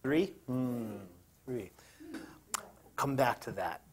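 A man's voice: fairly high pitch, expressive, measured pace, long pauses. A man leading a group Bible lesson, reading scripture aloud with casual, joking asides. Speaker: Bible teacher.

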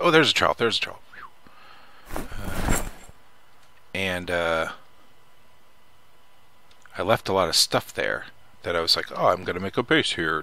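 A man with a low, gravelly voice and a bright, edgy tone chats his way through a survival game. He mutters to himself between actions and swears when something startles him. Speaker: let's play host. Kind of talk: casual gameplay commentary.

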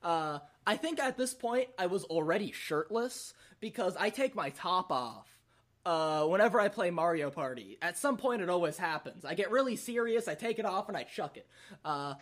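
A man's voice: high-pitched, lively intonation, normal speed, a bit bright. A young man casually telling a rambling, profane party story on a podcast, laughing often. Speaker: podcast host.

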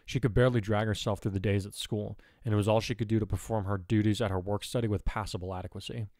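A man reading fan fiction aloud in a steady, measured narration. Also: lowish voice, no room sound, clean studio sound. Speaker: audiobook narrator.

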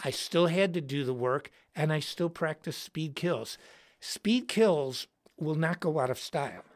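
A man hosting a livestream and telling a story in an excitable, slangy way, shouting words for emphasis. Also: fairly high pitch, a little slow. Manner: slangy, says dude and bro. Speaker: host and guitarist.

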